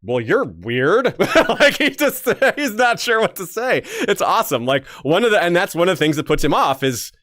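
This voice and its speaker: Animated man chatting with lively pitch. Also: moderate pace, few pauses, dry recording, clean studio sound. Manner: rambling, with frequent laughs and restarts. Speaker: podcast co-host. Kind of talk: casual discussion.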